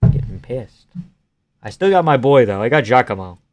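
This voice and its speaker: A man's voice: mid-range voice, sing-song, moderate pace, darkish tone, dry recording. A young man hosting a live stream, casually reading out viewer comments and joking crudely in an offhand way.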